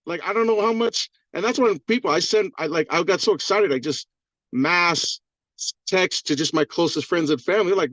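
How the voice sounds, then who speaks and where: A man's voice: high-pitched, brisk, a bit bright, dry recording. A man on a community video call, giving a rambling, profane, fired-up testimonial. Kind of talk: excited testimonial on a group call.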